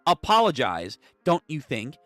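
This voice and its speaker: Guy doing a preachy mom who scolds you, lively ups and downs, dry sound. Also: on the high side, unhurried, no room sound, full character voice. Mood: lecturing. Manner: reproachful, lecturing. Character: scolding middle-aged mother, prim and accusing.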